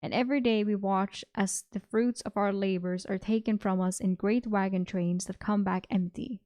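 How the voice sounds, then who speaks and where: A woman's voice: medium pitch, steady tone, moderate pace, mellow, dry recording, clean studio sound, lightly acted. A woman reading aloud, voicing a proud young nobleman who speaks formally and stiffly.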